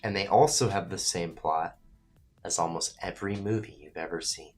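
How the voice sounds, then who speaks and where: A man hosting a live stream, talking casually and with emphasis, at times swinging loud and high, and reading out chat messages. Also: moderate pace, faint music behind. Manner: reads and answers chat. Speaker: livestream host. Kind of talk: casual livestream commentary.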